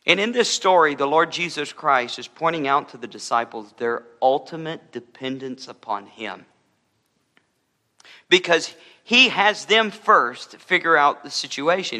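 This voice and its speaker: A man's voice: mid-range voice, bright, forceful tone, long reverb tail. A man preaching a sermon as a pastor, in a conversational style with humorous asides.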